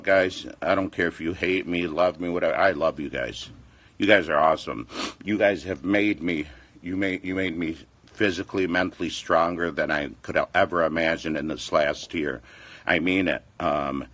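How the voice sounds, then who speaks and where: A man's voice: low voice, a bit bright. A man in his forties, a fitness vlogger, chatting casually and rambling defensively, repeating himself. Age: 40s. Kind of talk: casual livestream chat.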